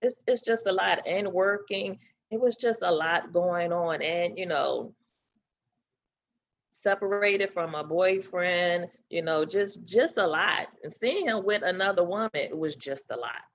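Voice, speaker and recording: A woman's voice: on the low side, unhurried, highs cut off. A woman guest on a talk show, speaking candidly and openly about a hard time, laughing now and then. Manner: candid and open, laughs through hard memories. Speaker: guest sharing her story. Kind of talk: emotional talk-show conversation.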